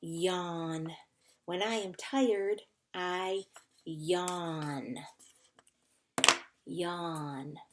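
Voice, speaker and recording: Slow patient lady teacher sounding out words for kids, lowish voice. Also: fairly even intonation, slight background noise. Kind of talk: recorded phonics lesson for children. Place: indoors at a whiteboard.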